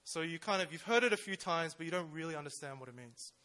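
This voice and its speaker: Fast and expressive, a young man with a fairly high pitch and a sharp tone gives a conversational church sermon. He uses lots of fillers and keeps posing rhetorical questions to his listeners.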